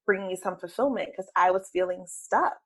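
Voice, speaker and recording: A woman's voice: lowish voice, normal speed, fairly bright tone, poor audio. A woman appearing as an interview guest, an entrepreneur telling her story in an open, earnest way. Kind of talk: conversational interview.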